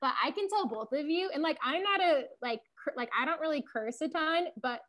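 A woman's voice: high voice, lively intonation, brisk, fairly bright tone. A young adult woman telling a story in a casual chat, filling her talk with "like" and laughing along. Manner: chatty, lots of "like", laughs while telling. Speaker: podcast host telling her climbing story.

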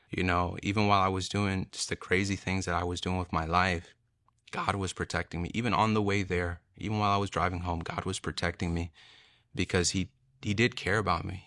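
Deep-voiced young man giving earnest testimony. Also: bright, forceful tone, no room sound. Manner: earnest, emotional, retells with quoted dialogue. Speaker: testimony speaker. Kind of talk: personal testimony storytelling.

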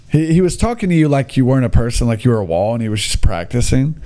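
A man's voice: mid-range voice, fast talker, hardly any pauses, clear, resonant tone. Rambling young man. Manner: rambling, many fillers and restarts, animated. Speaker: storyteller. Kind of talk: casual comedic storytelling.

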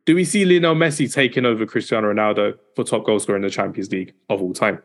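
A man hosting a casual football chat, rambling and often repeating himself. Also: fairly low pitch. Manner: fast, rambling, repeats "as well". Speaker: podcast host.

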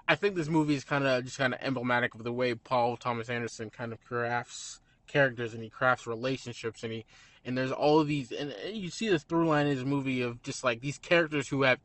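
A man's voice: mid-range voice, no room sound. Young male host, casual film chat, cusses and laughs a lot, dry close sound. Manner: laughs often, swears, animated retelling. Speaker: podcast host.

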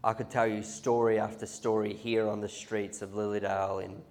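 A man preaches to his church in a somewhat low voice. He tells his stories with animated restarts and repeated phrases, the way a sermon runs live. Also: normal speed. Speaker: pastor.

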